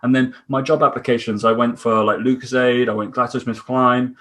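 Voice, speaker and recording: A man's voice: mid-range voice, flat delivery, a little fast, fairly bright tone. A man co-hosting a fitness podcast, chatty, telling anecdotes and acting out the lines of the people in them. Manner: chatty anecdotes, acts out quoted dialogue. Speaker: podcast co-host, fitness coach. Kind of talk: casual podcast chat.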